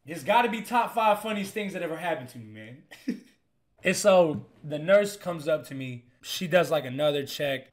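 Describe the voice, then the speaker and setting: A man's voice: on the high side, bright, forceful tone. A young man streamer casually telling a funny story, joking and swearing as he rambles.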